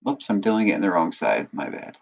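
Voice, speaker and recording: A man acting as instructor, patiently walking through a software tutorial and often checking in with listeners. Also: low-pitched, big pitch swings, a little fast, vocal fry, dull audio. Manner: patient step-by-step explaining, often checks in with "right?". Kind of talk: screen-recorded software tutorial.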